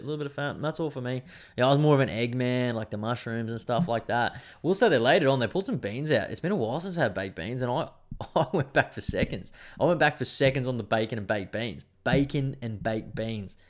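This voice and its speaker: A man's voice: medium pitch, expressive, brisk. A young adult man, hosting a podcast in a rambling, sweary, laid-back casual chat. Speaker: podcast host.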